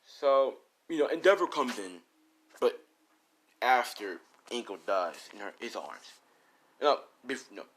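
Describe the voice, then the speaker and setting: A man's voice: medium pitch, big pitch swings, unhurried, pauses often, fairly bright tone. A man casually improvising a fan fiction story, rambling with lots of fillers and the odd swear.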